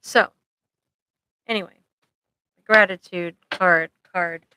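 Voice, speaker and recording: A woman's voice: medium pitch, takes it slowly, bright, forceful tone, slight background noise, low-quality recording. A woman therapist hosting a live support stream. She talks casually and conversationally, with frequent "like" and "right?" tags, and speaks straight to her viewers. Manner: directly addresses viewers. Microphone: computer microphone.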